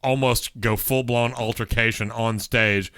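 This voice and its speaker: A podcast host with a bright, crisp voice chatting casually. He rambles through his stories with plenty of fillers and restarts. The sound is close and dry. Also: mid-range voice, fairly even intonation, unhurried, no room sound. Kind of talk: casual chat.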